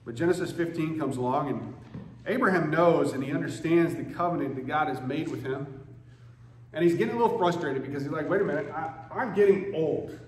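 A man's voice: on the high side, fairly quick. A man preaching a sermon as pastor, in an earnest, conversational way. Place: church sanctuary. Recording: echoey church room with faint noise.

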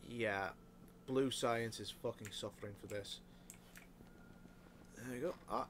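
A man's voice: mid-range voice, expressive, slow, long pauses, a bit bright, a little hiss or hum. A man giving casual, muttered commentary while he plays a factory-building game, swearing often. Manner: muttering to himself, frequent swearing. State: hiccups. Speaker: let's play host.

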